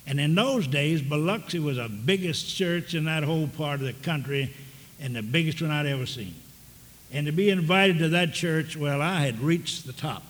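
Older male preacher with a slightly high voice, folksy and halting, recorded in a big reverberant church hall with faint noise. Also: fairly bright tone. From American South. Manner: folksy, halting with many restarts. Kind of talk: storytelling sermon. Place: large church hall with audience.

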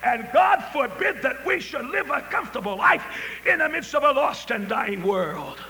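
A man preaching a revival sermon, swinging between shouted exhortation and hushed storytelling. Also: extremely high pitch, sing-song, moderate pace, faint music behind. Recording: long hall reverb, faint noise.

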